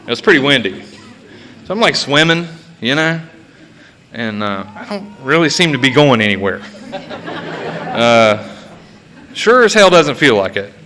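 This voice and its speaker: Bright-voiced man telling a swearing story. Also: mid-range voice, sing-song, unhurried, long pauses. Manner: profane, self-mocking storytelling with frequent laughs. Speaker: speaker sharing at a recovery meeting. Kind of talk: personal recovery story. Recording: reverberant hall.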